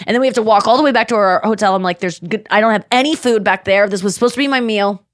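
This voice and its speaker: A woman hosting a podcast, telling a story in casual chat with quick laughs and some swearing. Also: medium pitch, no room sound, clean studio sound. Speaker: podcast host.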